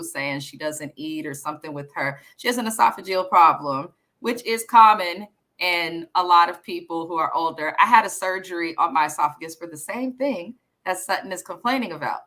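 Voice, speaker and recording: A woman's voice: on the low side, a bit bright. A woman hosting a casual show recap, talking bluntly and gossiping with frequent swearing. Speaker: podcast host.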